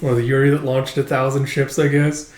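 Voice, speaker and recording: A man's voice: medium pitch, level tone, a little fast, a little mellow, roomy sound. A man giving a casual, rambling commentary on a manga chapter, filling his talk with "like" and "uh". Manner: rambling, heavy use of "like" and "uh" fillers.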